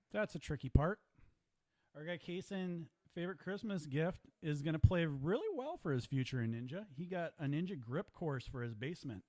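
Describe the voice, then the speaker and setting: A man's voice: on the high side, darkish tone. A man giving live play-by-play commentary at a ninja competition, chatty and joking with his co-host.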